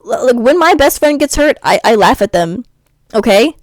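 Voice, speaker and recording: A young woman ranting casually in a vlog, animated and chatty, swearing freely. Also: fairly high pitch, normal speed, no echo. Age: young adult. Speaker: YouTuber.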